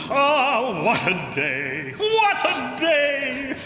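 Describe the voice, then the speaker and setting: An actor playing a bumbling, boastful middle-aged banker turned farmer in a community radio play, blustery and quick to laugh. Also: male voice, fairly high pitch, sing-song, pushed and bright, soft background music, full character voice. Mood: jolly. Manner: blustery and jolly, laughs a lot. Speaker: lead character. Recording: roomy hall reverb.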